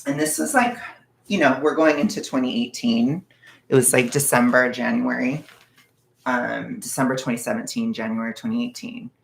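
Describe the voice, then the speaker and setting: A man's voice: mid-range voice, expressive, normal speed, vocal fry, roomy sound, far from the mic. A young man vlogger telling a personal story in casual chat, rambling with lots of fillers like "like" and "blah, blah.".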